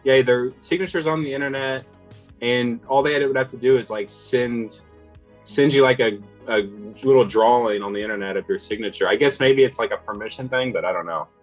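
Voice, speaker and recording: A man co-hosting a casual commentary chat, relaxed and amused, rambling with fillers. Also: mid-range voice, a little fast, faint music behind. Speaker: co-host.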